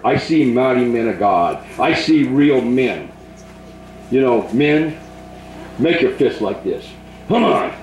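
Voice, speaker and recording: An older man preaching at a revival, leading a crowd in shouted call-and-response prayer. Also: medium pitch, echoey room, slight background noise, poor audio.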